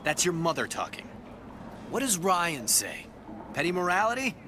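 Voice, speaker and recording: A man's voice: high voice, sing-song, normal speed, background noise. An actor playing a sleazy, smug man who sells companionship, heard from a distance in a game. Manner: smug, wheedling. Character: sleazy smooth-talking man selling companionship.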